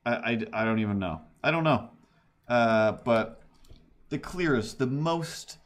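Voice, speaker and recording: A man livestreaming while he draws, telling a story in a rambling way with restarts and laughs. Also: fairly low pitch. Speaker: livestreaming artist. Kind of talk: casual livestream chat while drawing.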